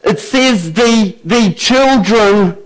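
Male preacher, high voice, slow and emphatic sermon delivery. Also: poor audio. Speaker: pastor.

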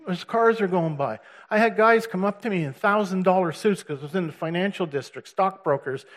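A man's voice: high-pitched, brisk. A man giving a personal church testimony, telling his story earnestly with restarts and laughs.

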